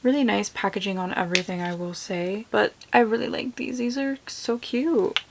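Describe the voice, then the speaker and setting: A young woman reviewing makeup in a casual vlog, chatty and gushing, full of "like", sometimes dropping to soft asides. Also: medium pitch, moderate pace, very noisy. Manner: chatty and effusive, lots of "like", drops to soft asides. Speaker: beauty vlogger.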